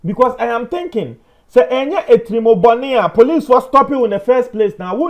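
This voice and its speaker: Emphatic high-voiced Ghanaian man. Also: normal speed. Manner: emphatic, animated, swings between loud and soft. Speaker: news commentator. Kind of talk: opinion commentary.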